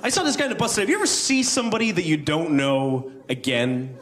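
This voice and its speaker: A man's voice: a little high, fast talker, a loud crowd. A man performing a stand-up set with offbeat observational jokes and impressions. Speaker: stand-up comedian. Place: comedy club stage. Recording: noisy club with loud audience.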